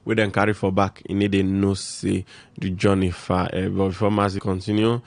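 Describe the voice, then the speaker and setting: A man's voice: low-pitched, flat delivery, normal speed, gravelly, no echo. A man with a Nigerian Pidgin accent co-hosting a radio show, chatting in an easygoing way. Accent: Nigerian Pidgin English. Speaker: radio co-host and wedding MC. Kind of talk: casual Pidgin radio banter.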